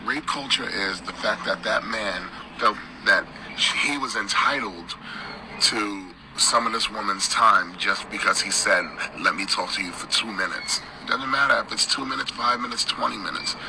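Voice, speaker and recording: A man's voice: lowish voice, normal speed, background noise. A man giving firm, emphatic commentary in a played-back social media video clip.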